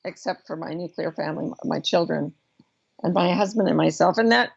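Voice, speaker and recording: A woman's voice: fairly low pitch, vocal fry, husky. A middle-aged woman guest telling a personal story in an interview, thoughtful and earnest, often restarting her sentences. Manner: earnest, thoughtful, with frequent restarts and slow emphasis. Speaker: guest, life coach. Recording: dull lo-fi recording.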